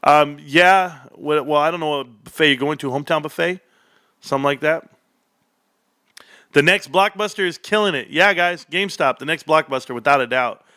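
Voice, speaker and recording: A male livestream host reacting excitedly to an earnings report, reading figures aloud and bursting into shouts. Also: a little high, moderate pace, clean tone, dry recording, studio quality. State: out of breath.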